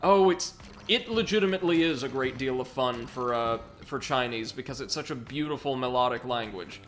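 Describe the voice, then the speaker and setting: A man hosts a let's play, chatting casually and reacting to viewers while he games, and he often corrects himself mid-sentence. He comes across as chatty and excitable, reading chat as he plays. His mid-range voice moves at a normal speed, with slight background noise.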